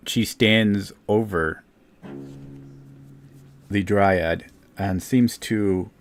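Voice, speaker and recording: A man narrating a tabletop game as game master, in a loose, rambling way. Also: low voice. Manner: loose, rambling, fillers and restarts.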